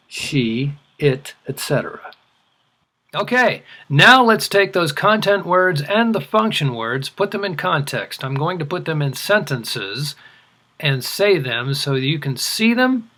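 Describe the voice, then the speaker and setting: Male ESL teacher, slightly high voice, very slow and over-articulated delivery. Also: fairly bright tone. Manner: over-articulated, stressing words clearly. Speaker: English teacher. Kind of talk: slow, deliberate ESL lesson.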